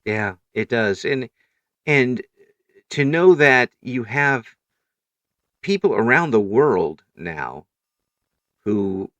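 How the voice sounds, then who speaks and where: A man's voice: medium pitch, sing-song, drawn-out words, pauses often, fairly bright tone, no room sound, lo-fi sound. Hesitant man hosting an interview. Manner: hesitant, repeats words while forming questions. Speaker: interview host. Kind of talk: casual interview chat.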